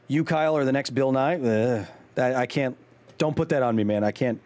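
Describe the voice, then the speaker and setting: A male gaming streamer talks at a normal speed in a mid-range, darkish voice. He chats casually and rambles with his live viewers, replying to chat, frequently restarting with ums, and poking fun at himself.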